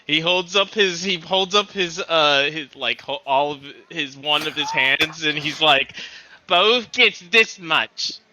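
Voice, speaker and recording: Male player, slow and halting, very bright tone, playful narration. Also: a little high, steady tone, slight background noise. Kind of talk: tabletop role-play narration.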